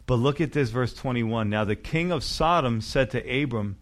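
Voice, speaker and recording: A man's voice: medium pitch, moderate pace. A male pastor preaching a sermon in a church, talking to the congregation in a conversational way with frequent rhetorical questions.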